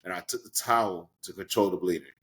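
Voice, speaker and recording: A man from Brooklyn, a guest in an interview, telling a story casually and animatedly, acting out the people in it with big leaps in pitch. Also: quick pace, a bit bright. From Brooklyn, New York. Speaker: guest, professional wrestler.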